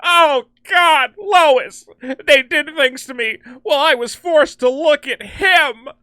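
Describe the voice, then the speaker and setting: A man's voice: very high-pitched, racing, no echo, pitched above the performer's own voice. A man voicing a melodramatic adult male superhero, wailing and sobbing in an overwrought parody.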